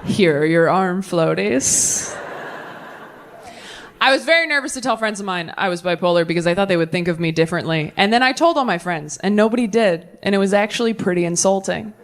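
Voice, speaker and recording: A young woman performs stand-up on a club stage into a handheld mic. Her delivery is animated, and she pops into high, exaggerated voices for the people in her stories. A faint hiss of noise sits under the recording. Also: brisk. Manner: animated, jumps into high-pitched character voices. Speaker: stand-up comedian. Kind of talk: stand-up set. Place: comedy club stage with audience laughter.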